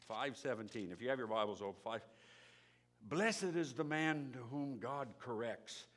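A middle-aged man, a pastor, preaching a sermon in a lively, emphatic way, often restarting his sentences. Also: mid-range voice, moderate pace. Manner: lively, emphatic, with frequent restarts and dramatic drops to a whisper.

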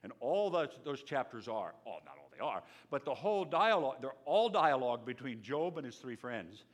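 A middle-aged man, a pastor, preaching a sermon in a lively, emphatic way, often restarting his sentences. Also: medium pitch, moderate pace. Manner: lively, emphatic, with frequent restarts and dramatic drops to a whisper.

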